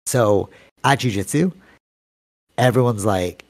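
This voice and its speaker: Speaking slowly in a fairly low voice, a podcast host in his thirties keeps an easygoing conversation lively, often saying "like" and "you know."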